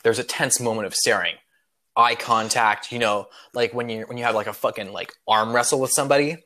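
Man, podcast host, casual chat, rambling joke-teller, mid-pitched, swears often. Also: fairly even intonation, a little fast, pushed and bright. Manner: rambling, loose storyteller with swearing and filler.

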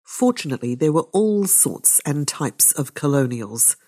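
A woman reads a novel aloud for her podcast, then adds her own remarks. Her voice is low and mellow with a dark warmth. She takes her time, every line measured and unhurried. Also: sing-song, husky. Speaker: podcast host and reader. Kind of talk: reading a novel aloud with commentary.

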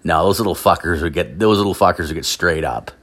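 A man's voice: low-pitched, quick pace, fairly bright tone. A man ranting casually, rambling with constant filler words and heavy swearing. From Canada. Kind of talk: profane casual rant.

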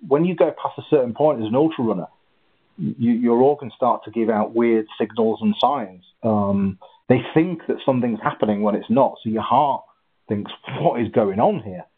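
A husky-voiced man telling his story in an interview, animated, with halting restarts. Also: medium pitch. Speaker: guest, ultra runner. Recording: tinny phone-like line.

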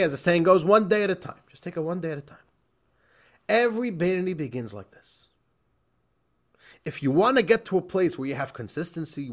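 A man, a rabbi, teaching a class in a lively, animated way, often laughing and repeating phrases for emphasis. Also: on the high side.

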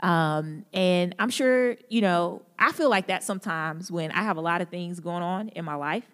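A woman's voice: fairly low pitch, normal speed. A young woman speaking at a church gathering, who opens with prayer and then gives a casual, relatable talk full of jokes and laughs. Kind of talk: conversational devotional talk opened with prayer. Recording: echoey hall with long reverb.

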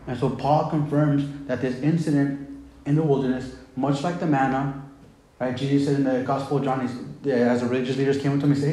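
A man's voice: mid-range voice, steady tone, brisk, mellow. A male preacher delivers a casual, emphatic sermon, his voice ringing through a very echoey church hall. A faint room hum sits behind him. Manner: conversational, retelling scripture with emphasis.

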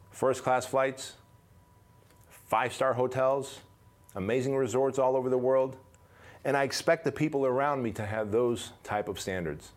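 Blunt, profane motivational speaker man. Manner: blunt, profane, emphatic storytelling with big swings in pitch and loudness. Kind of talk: motivational talk.

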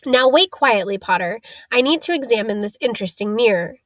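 A woman reading a cold, scheming male wizard teacher in an audiobook, calm and dismissive in manner. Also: fairly high pitch, a little fast, no room sound.

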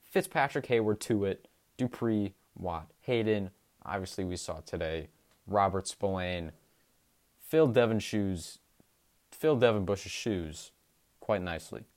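Young man, low voice, unhurried, emphatic sports podcast host, leans on key words. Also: expressive, a little mellow. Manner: enthusiastic, emphatic, drawn-out stresses on key words. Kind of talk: scripted sports podcast recap.

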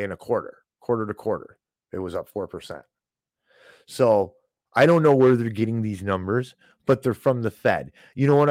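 A man's voice: lowish voice, dry recording. Ranting man hosting a finance show. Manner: sarcastic, ranting, frequent "okay?" asides. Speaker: host of a financial news show. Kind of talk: opinionated commentary on economic news.

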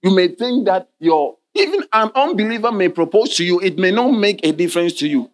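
Animated and high-pitched, a pastor preaches his sermon fairly quickly with hardly any pauses. He reads from scripture in old King James wording and keeps breaking in with "Hallelujah" and questions to the congregation.

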